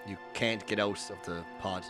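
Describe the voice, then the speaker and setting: Chatty low-voiced Irish man streaming. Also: steady tone, moderate pace, music in the background. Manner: rambling, chatty, lots of fillers and self-corrections. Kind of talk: casual speedrun commentary over gameplay.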